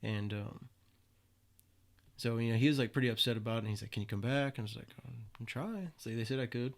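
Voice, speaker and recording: A man's voice: medium pitch, fast talker. Laid-back young man telling stories. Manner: laid-back, swears freely, acts out quoted voices. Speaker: podcast guest. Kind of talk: casual storytelling interview.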